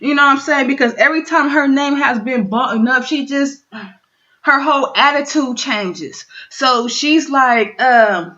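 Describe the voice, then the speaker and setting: High-voiced woman recapping reality tv, cussing a lot, dull lo-fi sound. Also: unhurried, pushed and bright. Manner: blunt, profane, dramatic quoting of cast members. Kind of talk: casual profane show recap.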